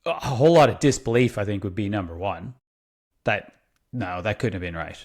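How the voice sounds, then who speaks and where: A man's voice: on the low side, lively intonation, normal speed, a little mellow. A man co-hosting a podcast, talking casually and rambling, often searching for words with lots of fillers. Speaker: podcast co-host.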